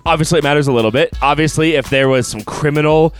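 A man's voice: on the high side, clear, resonant tone, faint music behind. A man co-hosting a casual sports talk show, conversational and opinionated. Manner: conversational, opinionated, quick to laugh. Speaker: co-host.

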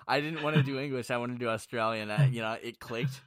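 A young man co-hosting a podcast in casual chat, animated and jokey, often repeating himself. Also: mid-range voice, quick pace, no echo. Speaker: podcast co-host.

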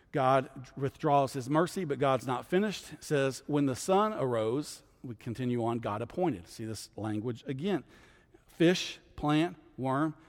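Male guest pastor, mid-pitched, casual teaching tone, long hall reverb. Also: a little mellow. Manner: conversational, often adds "right?" and restarts. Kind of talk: Bible study teaching.

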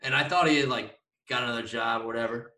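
A man's voice: mid-range voice, steady tone, fast talker, pushed and bright. A young man co-hosting a casual podcast, telling a rambling story with swearing and laughter. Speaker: podcast co-host. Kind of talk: casual chat. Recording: echoey room, mic at a distance.

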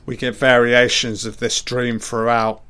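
Guy doing a chill film commentary, drawn-out and sweary, mid-pitched voice. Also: smooth. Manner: relaxed, sweary, muttering asides. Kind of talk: casual film reaction commentary.

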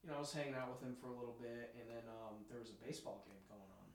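A man's voice: medium pitch, very fast, recorded from a distance, slight background noise. A young man hosting a podcast, telling a profane, rambling story in casual chat. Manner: profane, rambling, acts out quotes. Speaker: podcast host. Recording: roomy echo.

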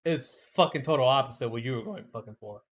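A man co-hosting a casual streamed talk show, joking and cursing, often laughing. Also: fast talker. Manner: joking, profane, laughs and breaks into high silly voices. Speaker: podcast co-host. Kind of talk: casual chat. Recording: dull lo-fi stream audio.

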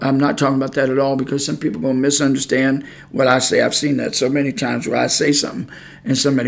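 A man's voice: medium pitch, gravelly. A man, preaching on a podcast in a folksy, rambling way with many fillers. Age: 60s. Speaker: pastor podcaster.

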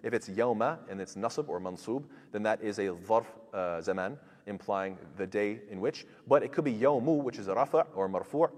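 A man with a Canadian accent teaching a Quran lesson, talking quickly and eagerly with many fillers and restarts. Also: on the low side, a little mellow, in a large hall. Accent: Canadian English. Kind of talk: explaining verses in a lesson.

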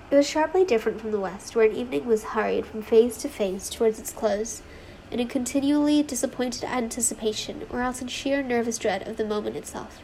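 A woman's voice: fairly high pitch, vocal fry, warm tone, slight background noise, poor audio. A woman reading a novel aloud, marking the dialogue with small lifts in her voice rather than full character voices. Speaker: reader. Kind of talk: audiobook-style reading of a novel.

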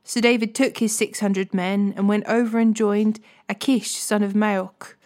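A woman reading Bible passages aloud as host of a daily reading series, in clear, steady narration. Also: mid-range voice, unhurried. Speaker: Bible reader. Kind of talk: scripture reading.

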